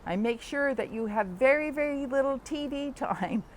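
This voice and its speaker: A woman's voice: high voice, lively intonation, moderate pace, slight background noise. A woman hosting a casual talk, speaking unhurriedly with many fillers and restarts and acting out quoted dialogue. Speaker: host.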